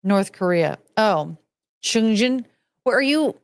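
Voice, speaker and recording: A woman's voice: mid-range voice, lively intonation, slow pace, no room sound. Woman podcaster, loose and rambling, musing aloud in casual chat, close dry mic. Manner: rambling, thinks out loud with rhetorical questions. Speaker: podcast host.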